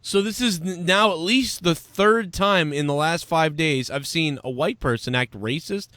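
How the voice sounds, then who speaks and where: A man co-hosting a casual chat show, reacting loudly to a video, swearing, laughing hard and mimicking people. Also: fairly high pitch, normal speed, no echo. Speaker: podcast co-host.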